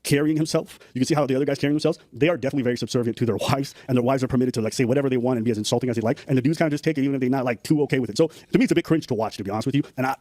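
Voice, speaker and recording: A man's voice: mid-range voice, rapid-fire, hardly any pauses, a little mellow, no echo. This man hosts a podcast and races through his opinions in blunt, profane bursts. His voice sits mid-range and sounds dry, close to the mic. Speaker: podcast host. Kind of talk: casual podcast chat.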